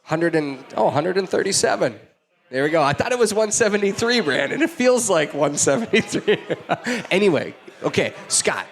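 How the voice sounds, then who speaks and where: A man's voice: high-pitched, sing-song, normal speed, vocal fry. A man hosting a live podcast at a brewery, joking easily and laughing often. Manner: jokey, easygoing, laughs often. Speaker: podcast host. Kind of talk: live podcast chat with audience.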